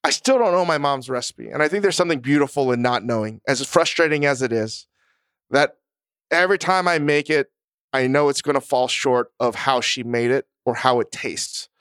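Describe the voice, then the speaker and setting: A man's voice: medium pitch, moderate pace, fairly bright tone, smooth, no echo, clean studio sound. A man co-hosting a podcast, chatting casually in a blunt, profane, self-mocking way. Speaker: podcast co-host. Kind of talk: casual chat.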